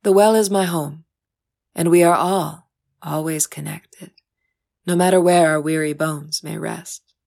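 A woman voicing the gentle ghost of an ancient male shaman, calm and wise, in a storybook reading. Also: sits low, measured pace, vocal fry. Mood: serene.

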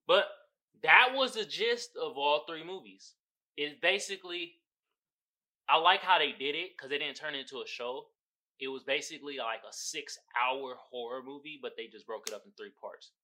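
A man hosting his own podcast, talking casually and profanely, often breaking into loud laughing outbursts. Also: fairly high pitch, normal speed. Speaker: podcast host. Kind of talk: casual solo podcast talk.

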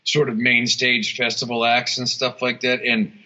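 Heard on dull lo-fi audio, a male guitarist-songwriter talks in a casual interview at medium pitch and a moderate pace, monotone yet sharp. His answers ramble, full of restarts, fillers and cursing.

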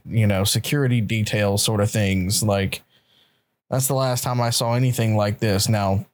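A man's voice: fairly low pitch, steady tone, moderate pace. A man playing a tabletop role-playing game, talking in character in a wry, blunt and skeptical way. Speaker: player.

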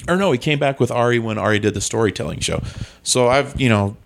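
A man's voice: mid-range voice, fast, creaky, a little hiss or hum. A man, a comedian, chatting casually on a podcast in a rambling, self-correcting way.

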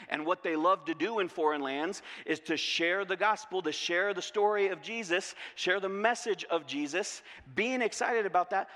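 A man preaching a sermon as pastor, repeating key phrases and asking rhetorical questions in a lively way. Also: sits high. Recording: long hall reverb.

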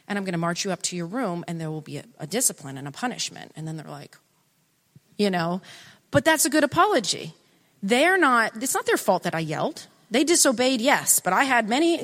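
Earnest animated woman with long reverb. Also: fairly low pitch. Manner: earnest, animated, self-interrupting. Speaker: speaker on family relationships. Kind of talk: casual talk.

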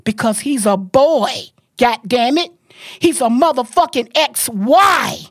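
A woman podcast host, delivering a loud, profane, forceful rant. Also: fairly high pitch, animated, takes it slowly, no echo, studio quality.

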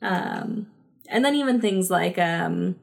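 Here a thirties-aged woman co-hosting a podcast talks through a TV episode casually, full of fillers and laughs. Her pitch is fairly low and creaky, her intonation lively, and her pace slow.

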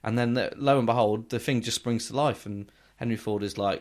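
Young male co-host, even-pitched, wry storyteller with quick jokes. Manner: playful, storytelling, dry jokes. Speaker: podcast co-host. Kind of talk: casual comedic chat.

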